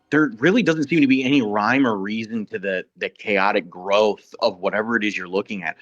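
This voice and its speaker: A man narrating a tabletop game as game master, describing the scene in a measured, descriptive way. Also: lowish voice, muffled recording.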